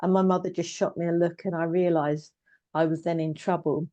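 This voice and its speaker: A woman's voice: lowish voice, little pitch movement, fairly quick, dark tone, no room sound, highs cut off. Give me a woman in her fifties telling her story plainly and evenly, close and dry on the mic. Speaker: guest, trauma coach and therapist. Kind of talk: personal story in casual conversation.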